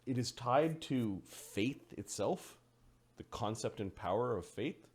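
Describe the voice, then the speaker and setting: Man as game master, slow, measured delivery, average pitch. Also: lively intonation, a little mellow, husky. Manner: slow, deliberate narration with pauses. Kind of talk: narrating a tabletop game.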